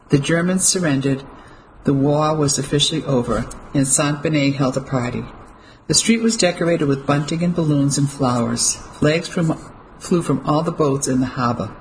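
An audiobook narrator reading a novel in steady, clear storytelling. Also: mid-range voice, moderate pace, a little hiss or hum, poor audio. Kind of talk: scripted narration.

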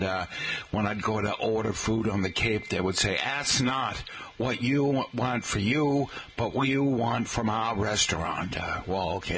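A man's voice: fairly low pitch, a bit bright, slight background noise. An older man with a Boston accent hosting a radio talk show, rambling and joking with many fillers and restarts. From Boston area, Massachusetts. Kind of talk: casual monologue to listeners.

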